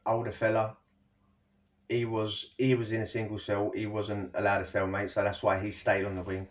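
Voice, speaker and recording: A man's voice: fairly low pitch, flat delivery, normal speed. A man casually telling a prison story, rambling and slangy, full of asides to the listener. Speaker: storyteller recounting prison life. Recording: distant, dull lo-fi recording.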